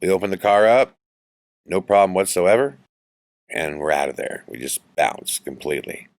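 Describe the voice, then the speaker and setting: A man hosting a podcast, telling a ghost story in an animated way that builds suspense. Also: low voice, moderate pace, no echo, studio quality. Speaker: podcast host.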